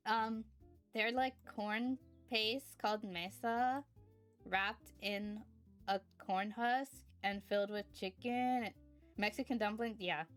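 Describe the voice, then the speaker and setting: A woman streamer talking casually to her chat, drifting between topics and stopping to thank viewers. Her voice sits at an ordinary pitch. Faint music plays in the background. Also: fairly even intonation, takes it slowly, clear, resonant tone.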